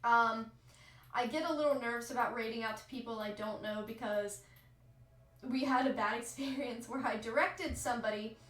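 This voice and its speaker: A woman streamer in her thirties chatting casually with her live chat, candid and quick to swear. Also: on the high side, a bit bright. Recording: echoey room with faint music.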